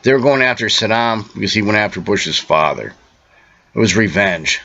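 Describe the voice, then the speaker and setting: A man with a lowish, bright and forceful voice lecturing the listener in an urgent, insistent monologue. He stops and restarts with fillers between points. The recording is dull and lo-fi, like a home video. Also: expressive, moderate pace, creaky. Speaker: self-made video speaker. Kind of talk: direct-to-camera monologue.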